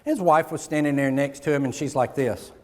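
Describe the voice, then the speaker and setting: A man's voice: medium pitch, a little fast. A middle-aged man giving a motivational keynote, telling stories and acting out dialogue with the audience on stage. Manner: animated, acts out dialogue with audience. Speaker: keynote speaker. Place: large conference hall on stage. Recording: live hall with long reverb.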